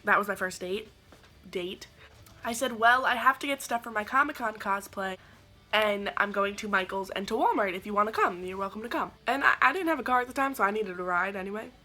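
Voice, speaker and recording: Bright, animated young woman vlogger. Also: mid-range voice, brisk, soft background music. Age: 20s. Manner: animated, sarcastic storytelling with quoted asides. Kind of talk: storytelling vlog.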